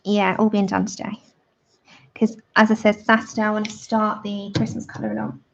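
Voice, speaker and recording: A woman's voice: mid-range voice, little pitch movement, moderate pace, creaky, muffled recording. A woman hosting a live colouring tutorial, chatting with viewers by name and laughing often as she works. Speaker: art livestream host.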